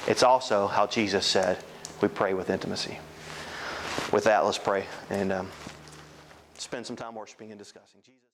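A man's voice: on the low side, fairly even intonation, moderate pace, pauses often, noisy background. A man preaching a sermon as a pastor, earnest and emphatic.

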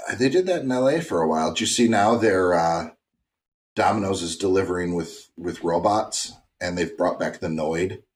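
A man co-hosting a casual talk show, recounting odd news stories in a relaxed, rambling way. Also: deep voice, moderate pace. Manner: relaxed, drifting into tangents with many fillers. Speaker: podcast co-host.

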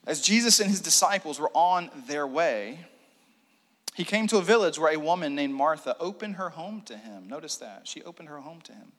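A man preaching a sermon in a church room, animated, with joking asides and hushed prayer. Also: fairly high pitch, moderate pace. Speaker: pastor. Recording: long reverb of a hall.

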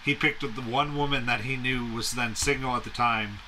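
A young man co-hosting a podcast, chatting casually about a film and acting out scenes in animated voices. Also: medium pitch, moderate pace, slight background noise, rough recording. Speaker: podcast co-host. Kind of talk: casual movie-review chat.

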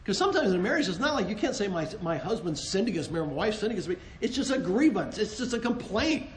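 Brief: high-pitched man, earnest Christian marriage talk with jokes, roomy echo. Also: fast, a little hiss or hum. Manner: earnest and animated, joking, with repeated restarts. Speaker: co-host, married couple ministry.

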